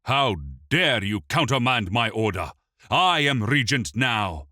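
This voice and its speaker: A haughty elf prince regent snaps his words with cold pride and anger, as a male narrator acts him out. The voice rides a little above the narrator's deep tone. It is an audiobook reading in a dead, dry room. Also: very animated, very slow, dry recording, exaggerated voice. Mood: furious. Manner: haughty, sharp, spitting anger. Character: proud, grieving elf prince regent, furious.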